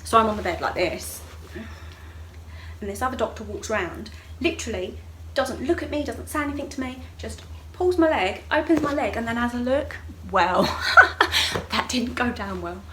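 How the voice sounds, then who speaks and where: A woman's voice: normal speed, noisy background. A young woman vlogging, telling a personal story in a casual, chatty way and acting out what people said with big jumps in voice. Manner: animated, acts out voices of others with sharp jumps in pitch and loudness.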